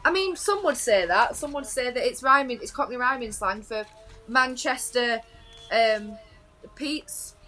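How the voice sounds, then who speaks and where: Woman, podcast co-host, giggly, stumbling restarts, bright voice. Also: fairly high pitch, animated, unhurried, faint music behind. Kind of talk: casual chat.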